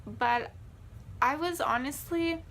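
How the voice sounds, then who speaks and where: Candid high-voiced young woman vlogger. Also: takes it slowly, fairly bright tone. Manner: candid, rambling, hesitant. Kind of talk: storytime vlog.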